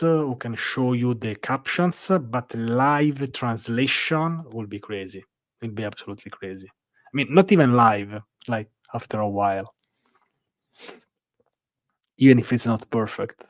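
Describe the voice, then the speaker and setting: A man's voice: mid-range voice, dry recording. A man with an Italian accent, casually chatting on a live stream from a hotel room, rambling through viewer questions with lots of "uh"s. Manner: rambling, answers chat questions with filler "uh"s.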